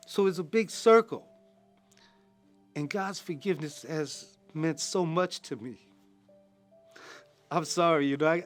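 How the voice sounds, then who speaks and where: A man in his fifties from California gives a personal testimony as a ministry program graduate, talking in an earnest, casual way with slang and many halting repeated words. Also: fairly high pitch, soft background music. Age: 50s.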